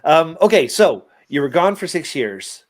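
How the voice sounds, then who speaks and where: A man's voice: a little high, very animated, a little slow. Man co-hosting a casual podcast. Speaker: podcast co-host. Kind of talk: casual interview.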